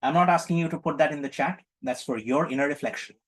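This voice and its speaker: A man with a somewhat raised pitch and a quick pace guides an online group healing session through a video call microphone. He takes a playful, teacherly tone, repeating each question to his listeners.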